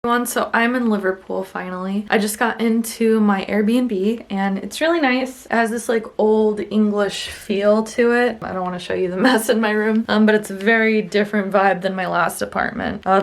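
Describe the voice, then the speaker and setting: A woman with an American accent talking casually to camera as a travel vlogger, upbeat and chatty with loose fillers. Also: mid-range voice. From United States. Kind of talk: casual vlog chat to camera. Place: traveling around cities, indoors and on the street. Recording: handheld vlog audio with steady background noise.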